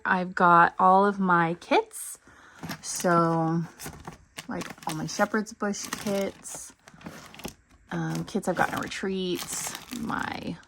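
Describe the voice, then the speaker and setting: A woman's voice: medium pitch, vocal fry, a bit bright, a little hiss or hum. A woman vlogger giving a casual tour of her home craft room, chatty and a little out of breath. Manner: chatty, with frequent ums and trailing asides. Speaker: cross-stitch vlogger.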